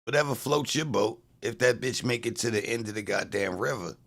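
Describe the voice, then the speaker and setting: Low-voiced guy w/ aave ranting on his stream, roasting the chat. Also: brisk, creaky, a bit bright. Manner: trash-talking, mocking chat viewers. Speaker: livestreamer. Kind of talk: casual livestream rant.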